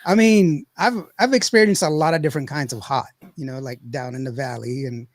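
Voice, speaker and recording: A man, hosting a podcast and telling a long, rambling, animated story full of laughter and acted-out quotes. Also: on the high side, fairly quick. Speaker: podcast host. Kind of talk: casual storytelling chat.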